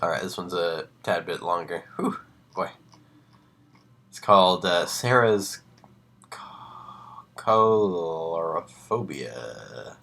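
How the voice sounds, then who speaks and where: A man reading horror stories aloud on a live stream, breaking off for casual asides and dropping to a hushed voice on the ominous lines. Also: sits low, measured pace, pauses often.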